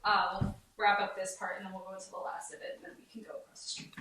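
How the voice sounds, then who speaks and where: A young adult woman hosting a casual podcast interview, chatty and quick to laugh. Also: mid-range voice, monotone, bright, forceful tone, recorded from a distance, a little hiss or hum. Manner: chatty, laughs often, quick topic shifts. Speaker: podcast host. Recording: echoey room, voice off-mic.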